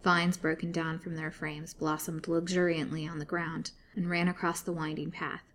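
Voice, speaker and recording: A woman narrating a serialized storybook in a steady, expressive reading. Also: low-pitched, normal speed, a little hiss or hum. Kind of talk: scripted narration.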